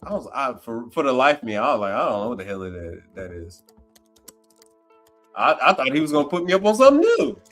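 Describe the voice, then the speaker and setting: A man hosting a casual livestream, animated and slangy, laughing often as he reacts to comments. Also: medium pitch, fast, faint music behind. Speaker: livestream host.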